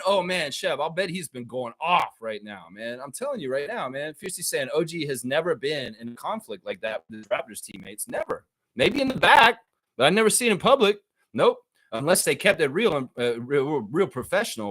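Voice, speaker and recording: A man hosting a casual live sports chat show, excitable, slangy and profane, rambling and talking straight to his audience. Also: a little high. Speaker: sports talk show host.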